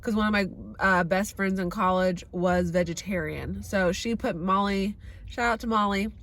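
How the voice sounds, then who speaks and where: A woman's voice: mid-range voice, normal speed, fairly bright tone. A woman in her thirties from the Bay Area, chatting casually and candidly in a vlog, swearing freely. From San Francisco Bay Area. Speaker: vegan vlogger.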